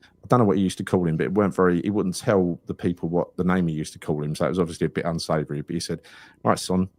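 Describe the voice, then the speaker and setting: Low-pitched man, casual podcast chat, dry close sound with no room echo. He rambles through long anecdotes and acts out everyone in them. His stories wander but keep moving. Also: rapid-fire. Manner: rambling anecdotal storyteller, animated retelling with quoted voices. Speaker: podcast host.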